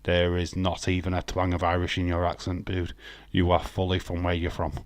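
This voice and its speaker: Low-voiced man chatting loosely on stream. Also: completely flat delivery, fairly quick, no room sound. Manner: laid-back, chatty, joking, laughs often; talks to viewers and chat by name. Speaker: livestream host. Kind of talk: casual live watch-along commentary.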